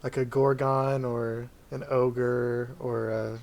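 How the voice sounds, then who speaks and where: A man of ordinary pitch talks loosely about an upcoming tabletop campaign with his group on a voice call. He laughs often and keeps things relaxed. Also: slow pace, vocal fry. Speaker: dungeon master. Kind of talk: casual chat planning a tabletop campaign. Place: voice chat call.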